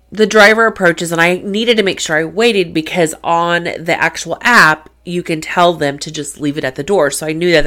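A middle-aged woman hosting her faith-based show, telling a personal story in a chatty, animated way and acting out her own reactions. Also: low voice. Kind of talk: casual storytelling monologue.

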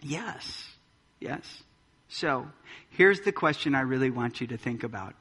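Bright-voiced preaching man in a hall. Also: mid-range voice, expressive, measured pace, breathy edge. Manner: emphatic preaching with pointed rhetorical questions. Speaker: pastor. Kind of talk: sermon. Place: church sanctuary.

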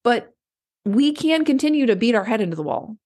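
A woman's voice: on the high side, big pitch swings, quick pace, warm tone. A woman coach giving a casual motivational talk, chatty and conversational, often acting out people's inner voices. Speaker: clarity coach.

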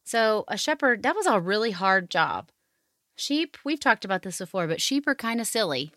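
A woman hosting a family devotional podcast, guiding listeners gently and reading scripture slowly and soothingly. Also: medium pitch, very animated, dry recording, studio quality. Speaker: podcast host.

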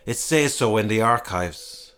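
A man's voice: on the low side, expressive, a little slow, a bit bright. A man voicing a domineering, obsessed town leader with a commanding, declamatory delivery over background music.

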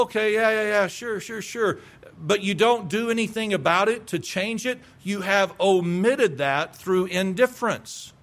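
Middle-aged guy preaching, high voice, punchy and emphatic, plays out little dialogues. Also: a bit bright. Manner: emphatic, acts out quoted replies. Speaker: pastor. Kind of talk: sermon.

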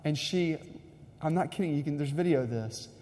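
Emphatic preacher in a reverberant hall. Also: male voice, fairly high pitch, fairly quick, darkish tone. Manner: emphatic, addresses listeners directly, repeats key lines. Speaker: pastor. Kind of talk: sermon.

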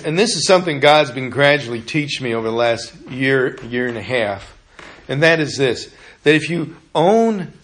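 A middle-aged man preaches in a relaxed, conversational way, weaving personal stories into the sermon. His voice sits a little high for a man, and he often restarts phrases by repeating a word. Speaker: pastor.

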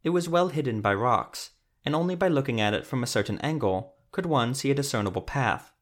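A man narrating a fantasy story in a measured, steady reading voice. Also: mid-range voice.

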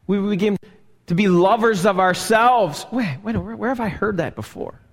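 A man preaching a live sermon as pastor, slow and emphatic, asking the congregation rhetorical questions. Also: sits high. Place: church sanctuary. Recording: live church recording with long reverb.

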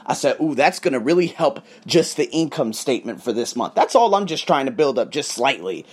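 A man's voice: a little fast, husky. A man tutoring and podcasting, talking in a casual vlog monologue and telling punchy, profane stories with quoted dialogue acted out. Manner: animated storytelling with acted-out quotes; profane and punchy, repeats "boom".

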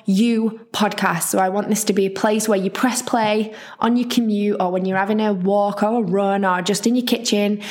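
A woman's voice: mid-range voice, steady tone, normal speed, hardly any pauses, darkish tone. A woman hosting a solo podcast, talking in a chatty, encouraging, rambling way. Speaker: podcast host.

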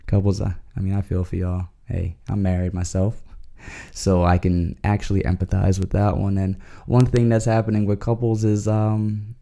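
A man's voice: deep voice, flat delivery, moderate pace, gravelly, dark tone. A man hosting a podcast, talking in a slangy, joking way and chuckling as he goes. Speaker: podcast host. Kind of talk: casual comedic monologue.

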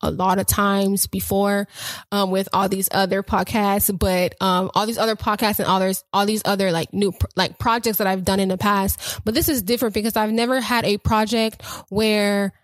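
A young adult woman hosting a casual faith podcast, talking with excitement and rambling, often repeating her phrases. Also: medium pitch, moderate pace, no room sound. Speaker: podcast host.

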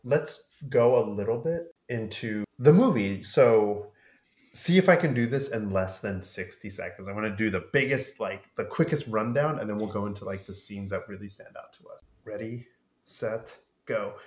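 A man co-hosting a podcast, chatting casually about a film and dropping into squeaky voices for quotes. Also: echoey room. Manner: animated, rapid run-on retelling with squeaky quoted voices. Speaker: podcast co-host.

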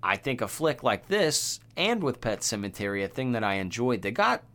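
A man's voice: medium pitch, big pitch swings, normal speed, a bit bright. A man co-hosting a casual horror movie podcast, laid-back and rambling, swearing often. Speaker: podcast co-host. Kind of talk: casual chat.

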